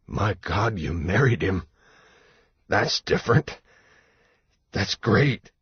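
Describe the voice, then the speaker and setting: A man's voice: lowish voice, animated, slow, husky, dry recording, full character voice. A man voicing a sick, desperate young man who pleads urgently, in a dull lo-fi audiobook recording. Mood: pleading. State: weak and unwell.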